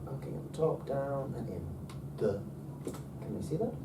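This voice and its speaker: A man's voice: mid-range voice, expressive, moderate pace. A man teaching the sounds of an ancient alphabet in a patient, hesitant way, with many ums and restarts. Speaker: Ancient Greek tutor. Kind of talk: relaxed one-to-one teaching. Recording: roomy, far from mic, faint noise.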